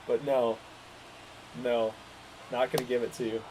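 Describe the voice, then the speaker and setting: A man's voice: mid-range voice, flat delivery, a little slow, background noise. A man calling a baseball video game play by play, exasperated and swearing as his team loses. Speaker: gaming streamer calling the game.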